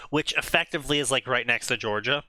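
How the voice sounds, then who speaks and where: A man's voice: mid-range voice, fast talker, sharp tone, no room sound. A man co-hosting a fanfiction reading stream, chatting and joking casually. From South New Jersey. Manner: bursts into laughter, jokey. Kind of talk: casual chat and comedic reading.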